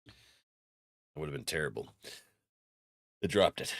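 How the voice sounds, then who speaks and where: A man's voice: a bass voice, lively intonation, measured pace, creaky, no echo, clean studio sound. A man streaming a game and chatting casually, laughing often and acting out his friends' lines, while getting over a cold. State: has a cold. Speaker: gaming streamer.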